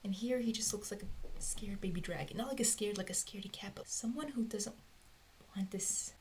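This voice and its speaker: Brief: woman, mid pitch, rambling self-talk, slips into whispers. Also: a little fast, a little mellow, a little hiss or hum. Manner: rambling, often drops to a whisper. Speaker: fan theorist. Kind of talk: thinking aloud to herself. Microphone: close mic, recorded alone.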